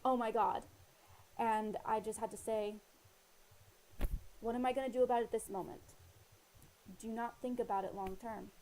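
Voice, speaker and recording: Mellow-voiced woman sharing personal advice. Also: on the high side, steady tone, normal speed, pauses often, slight background noise, rough recording. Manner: earnest, rambling, many fillers and retold dialogue. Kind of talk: casual personal talk to camera. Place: living in Australia.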